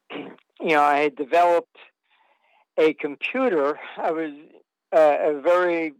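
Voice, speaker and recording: A man's voice: on the high side, clean tone, no room sound, low-quality recording. A man telling long anecdotes as an interview guest, rambling with fillers and restarts.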